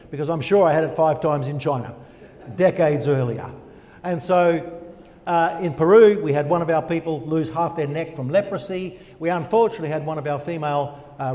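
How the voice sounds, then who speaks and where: Older aussie guy telling his life story, fairly high voice, big church hall echo, asks himself questions and answers them. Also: dark tone. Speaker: guest speaker. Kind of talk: personal testimony talk. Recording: long reverb of a church hall.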